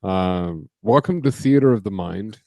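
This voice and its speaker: Dark-voiced joking podcast host. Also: male voice, lowish voice, expressive, unhurried, vocal fry, dry recording. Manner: playful, teasing, jokey. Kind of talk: casual podcast banter.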